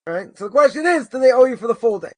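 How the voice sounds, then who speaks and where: A man with a high voice gives an informal lecture on religious law. He thinks aloud, repeats himself and weighs both sides of a question. The sound is dry and close. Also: animated, fast talker, dry recording. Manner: thinking aloud, argues both sides, many repetitions and "right?". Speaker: Torah course teacher.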